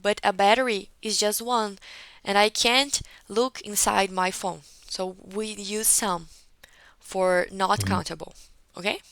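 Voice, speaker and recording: Woman English teacher, slow pace, smooth clear voice, dry close sound, patient corrections over a video call. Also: mid-range voice, fairly even intonation, no room sound, low-quality recording. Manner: patient, gently correcting, frequent "okay?" check-ins. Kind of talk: one-on-one online class feedback.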